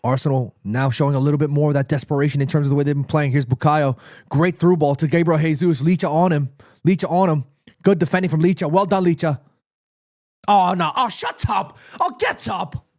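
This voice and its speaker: A man commentating live on a football match for his stream, reacting excitedly and shouting at players. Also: fairly high pitch, dry recording, clean studio sound. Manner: repeats himself, quick restarts. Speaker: watchalong streamer.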